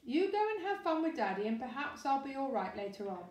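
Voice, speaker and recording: A woman voicing a tired, gentle mother in a storybook reading, soft and weary, with a distant, echoey sound. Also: high-pitched, big pitch swings, brisk, voice pushed up. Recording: roomy echo, distant mic.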